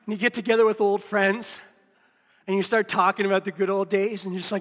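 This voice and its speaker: A man's voice: high-pitched, fairly even intonation, brisk, fairly bright tone, long reverb tail. A man preaching a sermon, emphatic, repeating key phrases and speaking straight to his listeners. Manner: addresses listeners directly. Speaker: pastor.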